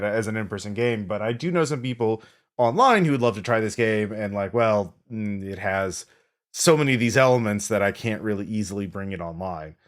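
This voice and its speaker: Man musing over games on a podcast. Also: fairly low pitch. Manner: rambling, many fillers and restarts, reflective. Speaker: podcast co-host. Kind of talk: casual chat.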